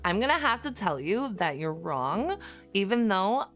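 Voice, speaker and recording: A woman streamer putting on a ditzy, gushing Valley Girl voice, her own voice a little rough from just waking up. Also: mid-range voice, sing-song, measured pace, a bit bright, faint music behind. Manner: gushing, peppered with "like" and "oh my God". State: slightly rough just-woke-up voice.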